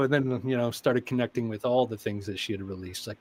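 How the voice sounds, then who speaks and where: A man, a guest therapist, telling stories about clients in an animated way and acting out their voices. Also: mid-range voice, fairly quick, few pauses, dry recording. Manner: animated, acts out quoted clients with laughs. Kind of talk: conversational storytelling.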